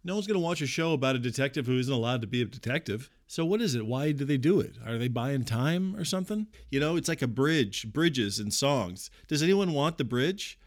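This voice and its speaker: A man's voice: medium pitch, expressive, a little fast, hardly any pauses. A middle-aged man doing a comic monologue, ranting in an exasperated, incredulous way. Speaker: comedian.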